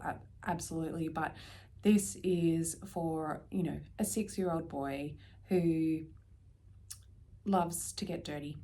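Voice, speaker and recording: An Australian woman vlogging casually about her knitting, chatty and prone to dropping into soft, near-whispered asides. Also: deep voice, vocal fry, slight background noise. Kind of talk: casual chat.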